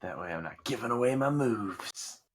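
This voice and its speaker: A man's voice: on the low side, expressive, normal speed. A man playing a tabletop game online, giggly and playful, often repeating others' jokes. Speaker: player. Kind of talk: casual chat during an online tabletop game.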